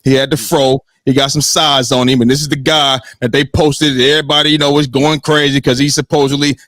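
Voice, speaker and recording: A man hosting a sports podcast in casual, animated talk, swearing freely and often checking in with "you know what I mean". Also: medium pitch, brisk, no echo, studio quality.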